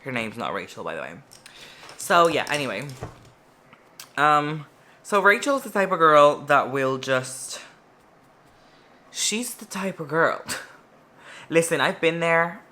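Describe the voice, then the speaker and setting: Bright-voiced, chatty woman vlogger. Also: sits low, big pitch swings, slow pace, long pauses. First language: Spanish. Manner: chatty, profane, self-mocking jokes. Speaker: beauty vlogger. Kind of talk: casual get-ready-with-me storytime.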